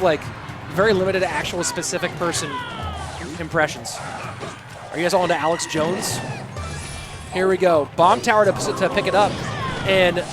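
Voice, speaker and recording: Young male esports caster, high voice, playful banter, music bed. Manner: casual, joking banter with chat. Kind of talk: live stream game commentary.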